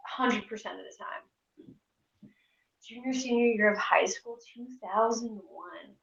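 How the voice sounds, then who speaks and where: A woman in her 40s streams herself cooking in her home kitchen, chatting casually, swearing, and poking fun at herself. Her voice is fairly high and fairly bright, creaky and unhurried. The echoey room and dull lo-fi audio come through.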